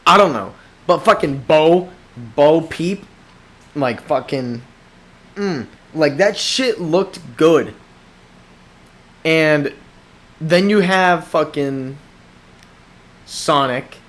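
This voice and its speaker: A young man hosting a solo podcast, rambling and swearing as he rants into a desk microphone in a small room. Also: a little high. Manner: profane, rambling, animated rants. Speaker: podcast host.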